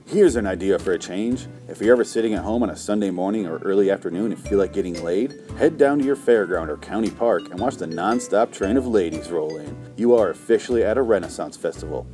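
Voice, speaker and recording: A man's voice: low voice, animated, fairly quick, hardly any pauses, music in the background. A man hosting a comedy show, reading a list aloud and going off on a profane, sarcastic, exasperated rant. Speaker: comedy podcast host. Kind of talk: ranting comedic commentary reading from a book.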